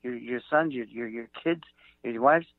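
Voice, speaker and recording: A man doing a gruff shrugging old man. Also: medium pitch, moderate pace, dry recording, lightly acted. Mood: world-weary. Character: elderly man, gruff and dismissive, calls people son. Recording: tinny phone-like line.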